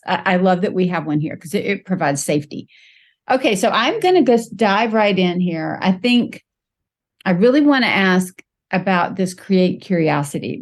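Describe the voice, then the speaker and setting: A woman hosting a podcast interview, talking openly and asking her guest questions. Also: lowish voice. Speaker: podcast host.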